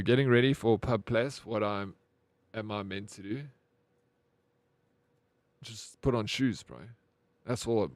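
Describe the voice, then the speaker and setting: Man, casual streamer chat, rambling, mid pitch, dry recording. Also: no echo. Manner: rambling, swears casually, says "bro" a lot.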